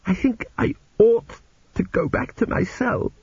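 A man reading an audiobook voices a timid, dutiful young woman prisoner who speaks in a hushed, fearful way. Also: very high-pitched, unhurried, breathy edge, no echo, voice pushed up, heavily acted. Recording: dull lo-fi audiobook recording.

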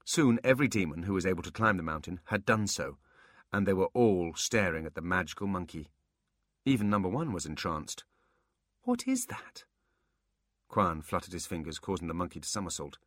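Deep-voiced male storyteller, lively and bright, husky, dry close mic; good for fantasy audiobooks. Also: brisk, no echo. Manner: expressive storytelling. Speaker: audiobook narrator. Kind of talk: scripted fantasy narration.

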